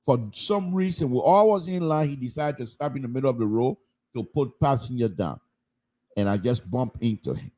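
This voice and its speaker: Male radio commentator, mellow mid-pitched voice, animated storyteller who repeats phrases for emphasis. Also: normal speed. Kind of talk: call-in style public affairs talk.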